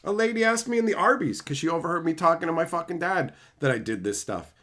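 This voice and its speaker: A man ranting profanely on a livestream while reading chat comments, swinging between loud outbursts and low mutters. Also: lively intonation, fast. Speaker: streamer reading live chat. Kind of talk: livestream rant.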